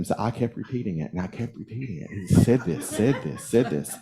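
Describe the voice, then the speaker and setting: A male minister preaching in a church, speaking in a relaxed, mellow voice. He tells his stories conversationally and lets small chuckles slip in as he talks. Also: lowish voice, fast talker, hardly any pauses. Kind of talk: storytelling sermon. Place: church sanctuary.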